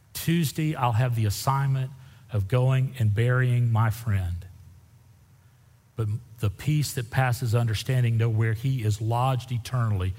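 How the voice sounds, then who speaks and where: In a church sanctuary, a pastor preaches a sermon, spinning folksy stories with big, lively swings in pitch. The hall is echoey, with long reverb.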